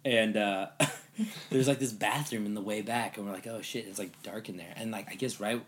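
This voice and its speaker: A man in casual chat, telling a funny story with lots of fillers and swearing, acting out what people said. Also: moderate pace. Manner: animated, swearing, acts out quotes in high voices. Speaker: storyteller recounting an escape room.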